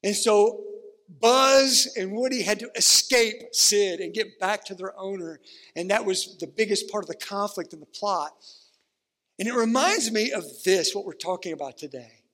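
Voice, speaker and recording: High-voiced preaching man in a reverberant hall. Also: pushed and bright. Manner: earnest preaching with slowed, stretched emphasis. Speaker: pastor. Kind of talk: sermon.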